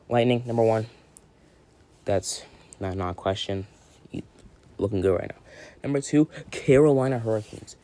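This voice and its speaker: A man hosting a casual solo sports podcast, rattling off hockey predictions in a rambling, excitable way and often restarting mid-sentence. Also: fairly low pitch. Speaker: podcast host.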